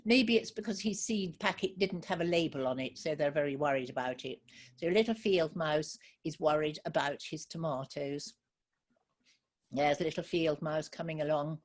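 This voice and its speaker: Gentle, encouraging woman telling a story. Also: low voice, moderate pace. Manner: gentle, encouraging, asks the audience questions. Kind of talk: interactive storytelling for a live online audience.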